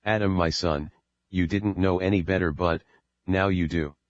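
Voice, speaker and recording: A man voicing a patient, fatherly creator who speaks calmly and gives firm commands, in an audiobook reading. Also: low-pitched, normal speed, no echo, lo-fi sound, lightly acted. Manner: calm, firm.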